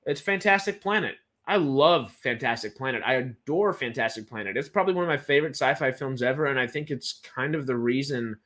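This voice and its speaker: A man's voice: mid-range voice, fairly bright tone. Rambling young man chatting. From Texas. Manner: rambling, stammering restarts, enthusiastic. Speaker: film news co-host. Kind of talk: casual live-stream chat.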